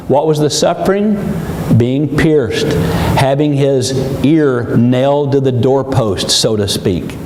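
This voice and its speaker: A man's voice: medium pitch, slow. A man preaching a sermon, joking and acting out the voices of the people in his story. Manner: animated, joking, acts out quotes. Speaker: pastor. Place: church sanctuary. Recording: long hall reverb, faint noise.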